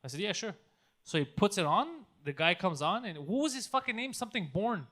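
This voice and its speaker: A man's voice: high voice, expressive, a little fast, a bit bright. A man hosting a casual comedy podcast, telling a story and acting out both sides of a phone call with laughing asides. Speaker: podcast host.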